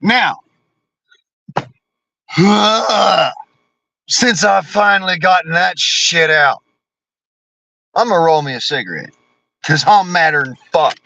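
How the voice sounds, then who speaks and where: High, bright-voiced man ranting hard. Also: lively intonation, slow pace, gravelly, long pauses, no room sound, rough recording. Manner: heavy cursing, blunt and combative. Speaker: vlogger. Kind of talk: profane political rant.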